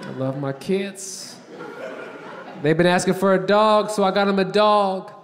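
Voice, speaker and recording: On a large theater stage before a live audience, a man with a high-pitched, somewhat slow voice performs stand-up. He tells brash, profane stories and acts out what people said, with long reverb and audience laughter making the background noisy.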